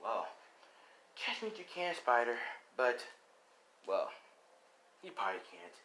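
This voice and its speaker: A man voicing a sly, teasing female cat burglar in a fan story, speaking softly and lower than his narration. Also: sing-song, unhurried, slight background noise.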